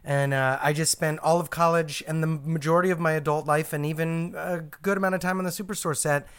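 A man talking as a guest on a comedy game podcast, telling stories in a halting, self-interrupting way. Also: fairly high pitch, fairly even intonation, fairly bright tone, smooth. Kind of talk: casual chat.

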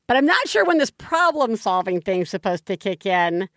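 A woman's voice: normal speed, dry recording, studio quality. A woman co-hosting a podcast, telling a parenting story in casual chat, her voice leaping up when she gets exasperated. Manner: animated storytelling, voice jumps high when exasperated. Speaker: podcast co-host.

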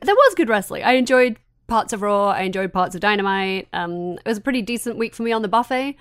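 A woman's voice: mid-range voice, fast talker, smooth, no room sound, clean studio sound. A woman co-hosting a wrestling podcast in casual chat, joking and laughing often. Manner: laughs often, jokey, animated. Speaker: podcast co-host.

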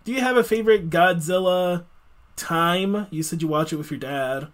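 A man's voice: sits high, normal speed. A man hosting a podcast, chatting casually and rambling with many fillers. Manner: rambling, filler-heavy, laughs often. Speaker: podcast host. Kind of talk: casual chat.

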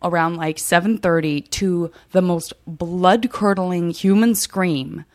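A woman's voice: fairly low pitch, fairly even intonation, slow pace, a little mellow. A young woman hosting a podcast in casual chat, telling a story with many restarts and easy laughter. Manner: chatty, hesitant restarts, laughs easily. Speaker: podcast host.

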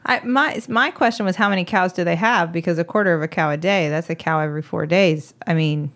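A woman's voice: fairly low pitch, a little fast, fairly bright tone. Woman, podcast host, casual storytelling, giggly, amused.

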